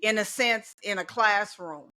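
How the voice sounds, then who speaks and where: A woman's voice: medium pitch, measured pace, pushed and bright. A middle-aged woman, a teacher and union organizer talking casually and determinedly as a podcast guest. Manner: determined, speaks in slogans, laughs easily.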